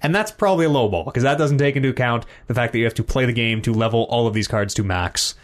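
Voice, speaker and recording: A man hosting a casual gaming podcast, animated and swearing freely as he reads the news. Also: mid-range voice, fast. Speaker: podcast host.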